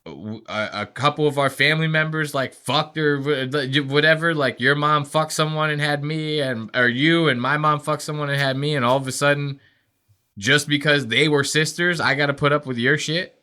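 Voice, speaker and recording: Young male podcast co-host, bright voice, casual profane rambler. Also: on the high side, normal speed, clean tone. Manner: profane, rambling storytelling with animated impressions.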